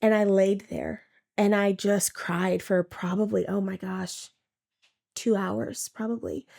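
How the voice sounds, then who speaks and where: A woman shares a personal faith testimony at an ordinary pitch. She talks in a halting, heartfelt way, restarting and repeating words as she goes. Now and then she acts out her own past words. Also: vocal fry, darkish tone. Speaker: testimony speaker.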